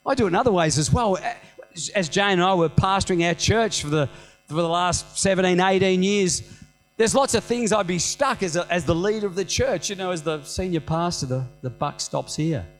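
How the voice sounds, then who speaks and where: A middle-aged senior pastor preaches a sermon in a fairly high voice at a moderate pace, animated and conversational, tossing in funny self-deprecating asides. Soft music plays in the background, and the audio quality is poor.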